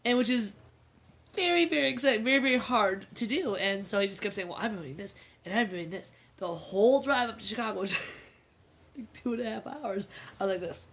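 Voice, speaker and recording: A woman's voice: fairly high pitch, lively intonation, brisk, creaky, fairly bright tone. A woman in her thirties co-hosting a casual chat show, telling stories in a chatty way and laughing often. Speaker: podcast co-host.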